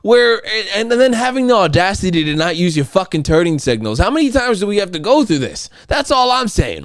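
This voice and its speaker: A man hosting his own podcast from home, talking in a rambling, profane way and getting loud and riled up when he rants. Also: sits high, sing-song, fairly quick, hardly any pauses, dry recording, clean studio sound. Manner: profane, rambling, repeats and restarts. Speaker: podcast host. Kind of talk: casual monologue. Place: at home, household noise nearby.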